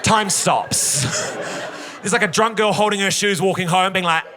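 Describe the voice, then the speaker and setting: A man performing stand-up comedy on a theatre stage, telling self-mocking stories in a camp, animated way. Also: high-pitched, measured pace, over a noisy crowd, heavy background noise. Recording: loud audience laughter in a theatre.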